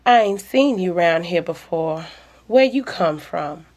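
A woman's voice: lowish voice, animated, unhurried, a little mellow. A woman playing a brash flirtatious barroom woman. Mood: sassy. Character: sultry bold barroom woman. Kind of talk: audiobook dialogue.

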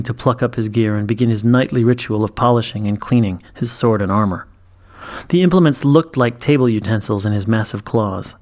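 Guy reading a fantasy story out loud, steady and even. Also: medium pitch, brisk. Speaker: story reader. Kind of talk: scripted narration.

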